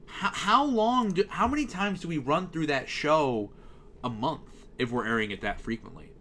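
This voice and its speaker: A young YouTuber complains about a channel's TV schedule in an offhand, fed-up way, stumbling through fillers and restarts. His slightly high voice is expressive, bright and forceful, at normal speed.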